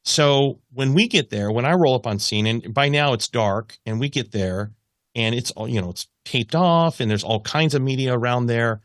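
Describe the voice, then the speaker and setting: A man's voice: mid-range voice, moderate pace, no room sound, studio quality. A man, a radio news reporter, telling a long story as a podcast guest and acting out the voices in it. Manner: animated, acts out quoted voices. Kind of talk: conversational storytelling.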